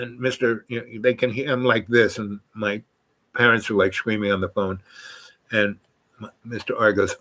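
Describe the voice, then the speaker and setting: A man's voice: on the low side, fairly even intonation, normal speed, a bit bright, low-quality recording. A man from New York telling a personal story in a casual, meandering way, full of asides and restarts.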